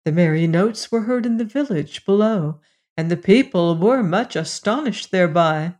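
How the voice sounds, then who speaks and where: A woman narrating a storybook with a steady, even read-aloud delivery. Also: on the low side, normal speed.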